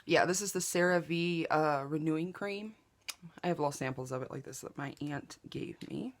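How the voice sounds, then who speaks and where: A woman talks through her makeup routine in a relaxed, chatty way. Her voice sits low and has a gravelly fry. She jokes about herself and often drops into a soft whisper while she works. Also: normal speed. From Southeast Oklahoma, US. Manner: chatty and self-joking, drops to a whisper while applying products. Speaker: beauty vlogger. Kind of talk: casual makeup tutorial chat. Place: home makeup table with window open.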